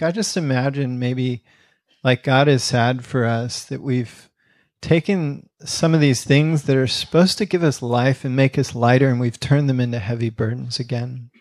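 Man, pastor, casual sermon, mid pitch, dry sound. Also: no echo. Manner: relaxed storytelling with many "you know" fillers. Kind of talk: conversational sermon with closing prayer.

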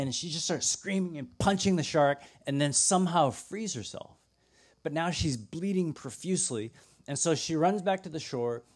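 A young man preaching a sermon, telling stories with lively acted-out voices and sudden drops to a hushed tone. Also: fairly high pitch. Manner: animated storytelling, acts out voices, drops to a hush. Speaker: pastor.

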